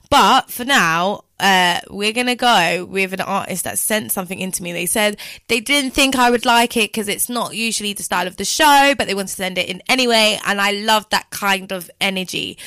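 Woman, radio host, chatty and giggly, bright tone, dry close sound. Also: mid-range voice, no room sound. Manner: chatty and giggly, with many fillers. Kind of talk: casual radio chat.

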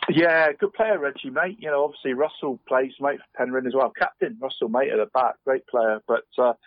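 A man's voice: medium pitch, slight background noise. Chatty man reading football results down a phone line. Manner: chatty, says "mate" constantly, halting restarts. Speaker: radio sports presenter. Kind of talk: casual football results round-up. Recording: phone-line quality radio audio.

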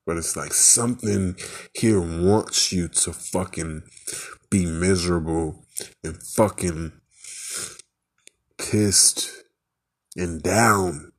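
A man's voice: sits low, slightly rough. A man venting in an angry, profane rant, full of rhetorical questions and frustration.

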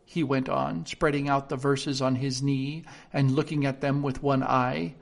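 A man narrating a storybook in a steady, clear reading voice. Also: mid-range voice, unhurried, hardly any pauses.

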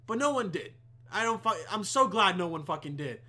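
A man's voice: high voice, expressive, brisk, pushed and bright. A young man hosting a podcast, telling a rambling, heavily profane story in a casual monologue. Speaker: podcast host.

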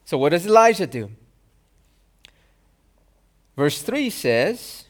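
A male pastor preaching a sermon. He asks rhetorical questions and acts out quoted lines with sudden loud bursts. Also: a little high, very animated, slow, long pauses.

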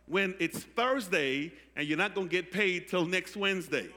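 A man pastor preaching a sermon, calling out to the congregation for responses and building from quiet teaching to loud preaching. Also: high-pitched, normal speed. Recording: echoey hall.

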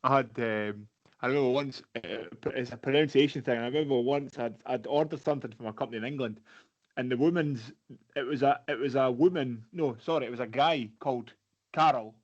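A man's voice: mid-range voice, fairly quick. A Scottish man in casual chat who swears freely and laughs at his own stories. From Scotland. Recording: dull lo-fi sound.

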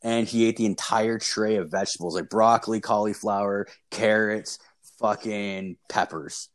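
A young man with a fairly low voice tells a story in relaxed, casual chat. He rambles and swears freely and leans hard on fillers. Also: normal speed. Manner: rambling, profane, full of fillers.

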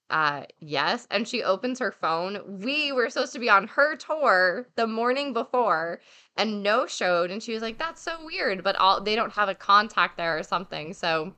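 A young woman in casual chat, telling a story in an animated way, acting out what people said and using lots of fillers. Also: medium pitch, smooth. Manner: animated storyteller, acts out quotes, many fillers. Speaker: podcast co-host telling a travel story.

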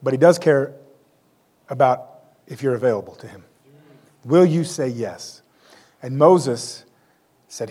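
A man's voice: mid-range voice, slow, pauses often, darkish tone, slightly rough. A man in his forties preaching a conversational sermon with self-deprecating humor. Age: 40s. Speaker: pastor.

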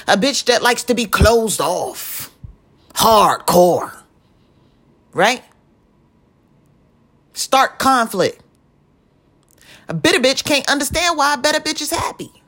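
A woman's voice: fairly high pitch, lively intonation, a little slow, pauses often, fairly bright tone. A young woman giving a blunt, profane, emphatic venting monologue to camera. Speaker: vlogger.

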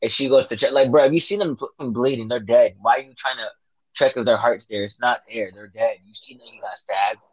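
A man's voice: medium pitch, fairly quick, no echo, dull audio. A man in casual chat, animatedly retelling a horror movie, swearing a lot and acting out the characters' lines. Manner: profane, animated, acts out quotes.

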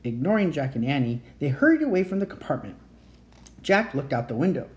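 Expressive, mellow-voiced storybook reader. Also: medium pitch, fairly quick. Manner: expressive, with occasional slips. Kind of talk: reading a children's book aloud.

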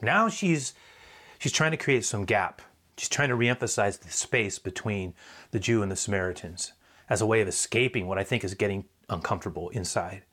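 A man preacher giving a sermon in a conversational, animated storytelling manner. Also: fairly low pitch, normal speed.

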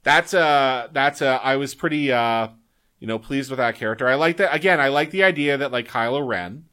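A man's voice: medium pitch, normal speed, pushed and bright, clean tone. A man co-hosting a casual podcast, rambling loosely and swearing casually. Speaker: podcast co-host.

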